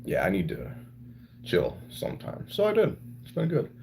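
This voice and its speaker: A man's voice: lowish voice, huge pitch swings, normal speed, vocal fry, warm tone, slight background noise. A young man chatting casually with viewers on a live stream, loose and rambling, swearing freely. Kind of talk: casual livestream chat with viewers.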